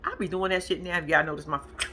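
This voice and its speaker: A woman's voice: on the low side, steady tone, quick pace, sharp tone, a little hiss or hum. A woman casually recapping a reality TV episode for her viewers, chatty and profane, calling them y'all and laughing a lot. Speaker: TV reaction vlogger.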